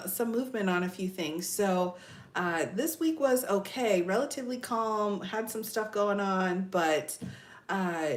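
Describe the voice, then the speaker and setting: A woman's voice: mid-range voice, reverberant. A woman hosting a casual livestream, reading viewer comments aloud, laughing often and exclaiming "oh my goodness.". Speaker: livestream host.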